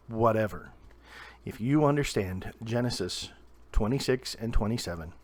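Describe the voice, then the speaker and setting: A young man from Southern Ohio giving a short video sermon to camera, earnest and emphatic, slowing down and pausing to stress key words. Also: medium pitch. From Southern Ohio, USA. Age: young adult. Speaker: preacher.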